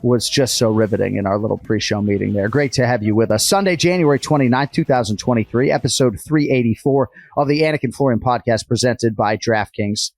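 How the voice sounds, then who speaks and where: A man's voice: mid-range voice, a little fast, hardly any pauses, no echo. A middle-aged man with a Boston accent hosting a casual podcast, joking and ribbing his co-host. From Boston area, US. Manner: joking, ribbing, lively banter.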